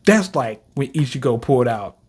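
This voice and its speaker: A man hosting a casual manga reaction, talking in an animated, slangy way and laughing often. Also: medium pitch, normal speed, breathy edge.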